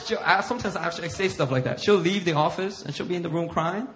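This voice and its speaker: A middle-aged male pastor preaching a sermon. He tells stories against himself in an animated way and acts out what other people said. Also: high voice, fast. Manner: animated self-deprecating storytelling, acting out others' lines. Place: church sanctuary.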